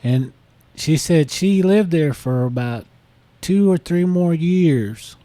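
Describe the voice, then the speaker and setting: Podcast co-host, male, mellow tone, loose rambling storyteller. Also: a little high, animated, takes it slowly, dry recording. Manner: rambling, many fillers. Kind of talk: casual storytelling.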